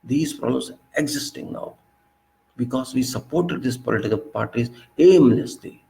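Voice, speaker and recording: A man's voice: medium pitch, moderate pace, vocal fry, dark tone, slight background noise, low-quality recording. A man from India delivering an impassioned, scolding monologue, full of repeated rhetorical questions. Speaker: political commentator.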